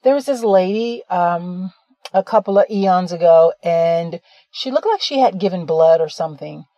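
A woman's voice: fairly low pitch, lively intonation, normal speed, mellow, dry recording, lo-fi sound. A woman host telling a personal story in a casual, rambling way, often correcting herself mid-sentence. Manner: rambling, conversational, self-correcting. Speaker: podcast host.

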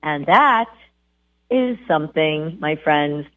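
A woman hosting a radio show about dog training, coaching listeners in a lively, direct way. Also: low-pitched, slow pace. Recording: tinny phone-like sound.

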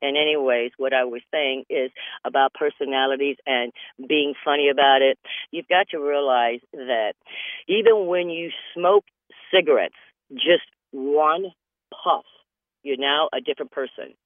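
A man's voice: medium pitch, unhurried, no room sound. A man delivering a rambling stand-up comedy monologue, drifting loosely from bit to bit. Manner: rambling and loose, jumps between bits and acted-out voices. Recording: dry, tinny phone-line sound.

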